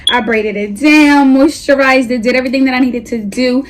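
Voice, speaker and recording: A woman's voice: high voice, fairly quick, slight background noise. A young woman, reviewing a wig in a casual vlog at home, chatty and hyped, a little out of breath. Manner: chatty, slangy, hyped and animated. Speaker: beauty vlogger.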